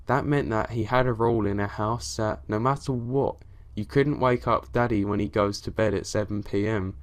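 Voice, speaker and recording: A man's voice: fairly low pitch, moderate pace. A man reading true scary stories aloud as a narrator, with dramatic delivery that rises in tense moments.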